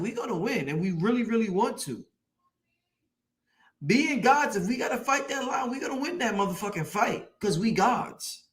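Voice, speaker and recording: Preaching to his online audience on a late-night live stream, a high-voiced man gives a loose, emphatic motivational talk. He hammers his points by repeating them and swears freely, his tone a bit bright.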